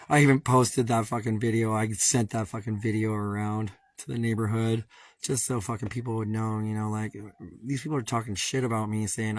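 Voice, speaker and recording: A man's voice: on the low side, steady tone, moderate pace, no room sound. A man from Hawaii ranting on a casual livestream while walking his dogs, swearing constantly and laughing bitterly between complaints. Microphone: phone.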